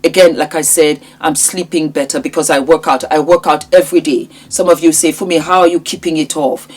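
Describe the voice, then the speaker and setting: Vlogger, woman in her fifties: lowish voice, emphatic, hammers points home by repeating them. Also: steady tone, brisk, a little mellow. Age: 50s. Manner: emphatic, repeats phrases for effect. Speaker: lifestyle YouTuber. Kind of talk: direct-to-camera vlog chat.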